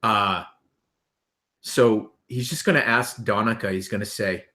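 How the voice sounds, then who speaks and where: A man with a low voice plays in a tabletop game. He talks casually with fillers, describing his character and speaking lines for him. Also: fairly even intonation, slow pace, pauses often, bright, forceful tone. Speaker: player.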